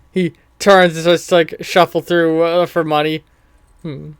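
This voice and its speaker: A man's voice: a little high, flat delivery, slow pace, smooth, no echo. A man narrating as game master of a tabletop game, chatty and loose, laughing at his own jokes.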